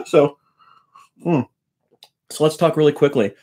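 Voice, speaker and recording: A man's voice: fairly high pitch, big pitch swings, takes it slowly, warm tone, slightly rough. A middle-aged man from Long Island, a guitar teacher chatting casually with viewers on a live stream, joking and greeting people by name. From Long Island, New York.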